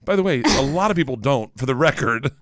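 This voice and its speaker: Profane, animated male comedian. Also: medium pitch, brisk, dry recording, studio quality. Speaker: comedian guest. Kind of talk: casual podcast chat.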